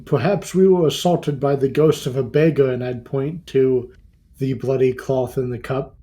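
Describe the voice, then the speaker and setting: Mellow dark voice, tabletop player, kinda formal, lots of ums. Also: medium pitch, fairly even intonation, moderate pace. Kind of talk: tabletop role-play.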